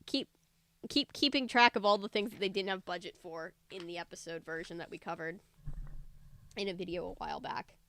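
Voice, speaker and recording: A woman's voice: fairly low pitch, a little fast, fairly bright tone. A woman reading a book aloud on a livestream, breaking off for chatty, joking asides. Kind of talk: casual read-aloud livestream.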